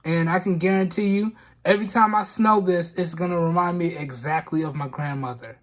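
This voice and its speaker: Brisk and fairly even in intonation, a high-voiced man reviews products in an unboxing vlog. He keeps his tone casual while holding back tears, often repeating himself and saying "man" and "y'all."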